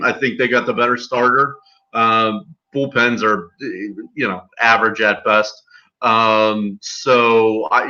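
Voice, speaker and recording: Male podcast host, bright and cutting tone, casual betting talk, lo-fi sound. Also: medium pitch. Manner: rattles off odds, fillers and restarts. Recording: dull lo-fi podcast audio.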